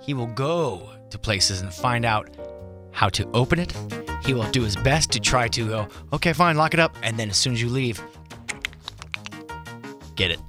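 A man's voice: medium pitch, moderate pace, pauses often, over music. A man in his fifties co-hosting a morning radio show, giving wry, teasing advice from experience.

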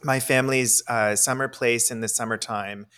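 Speaking at normal speed in a mid-range voice, this male podcast co-host has fairly even intonation and a sharp yet smooth tone. He chats casually but with enthusiasm, steering the talk through leading questions.

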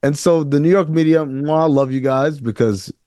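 A man co-hosting a casual sports talk show, emphatic and animated, often mimicking other voices. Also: fairly high pitch, normal speed, no room sound, clean studio sound. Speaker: podcast co-host.

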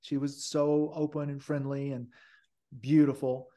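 A man's voice: medium pitch, level tone, a little slow, mellow. An older man, a podcast guest, telling long stories in a rambling way with many restarts and fillers. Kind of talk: casual interview storytelling.

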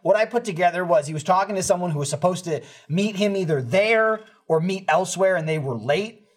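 High-voiced man telling a story. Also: a little fast. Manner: animated storyteller, acts out quotes. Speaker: podcast host. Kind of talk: casual group chat.

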